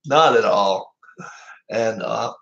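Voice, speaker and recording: A man with a Southern American drawl hosts a tabletop baseball replay in a relaxed, chatty way. He calls each play loosely, wanders into stories and laughs at himself often. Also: lowish voice, slow pace, gravelly, lo-fi sound. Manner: chuckles often, rambling, self-deprecating. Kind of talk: casual play-by-play chat.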